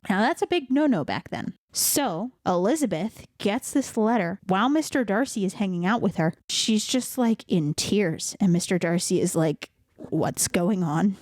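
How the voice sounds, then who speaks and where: A woman's voice: medium pitch, lively intonation, normal speed, hardly any pauses, darkish tone, dry recording, clean studio sound. Breezy young woman retelling a story. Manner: breezy, playful, lots of "like", mimics characters in passing. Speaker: podcast host. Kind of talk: casual comic book retelling.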